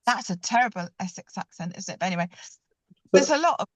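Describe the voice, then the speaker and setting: A woman on a book club video call from a parked car, chatty and expressive. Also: mid-range voice, fast talker, no room sound. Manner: chatty and expressive, animated when telling anecdotes. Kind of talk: casual group video call discussion.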